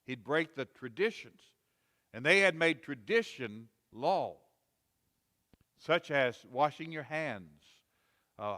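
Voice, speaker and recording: A man delivers a sermon in a plain, folksy way, circling back over his points and climbing into emphatic quoted rebukes. His voice sits a little high for a man. The sound rings with the long reverb of a church hall. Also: animated, slow pace, long pauses, pushed and bright. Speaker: preacher. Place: church sanctuary.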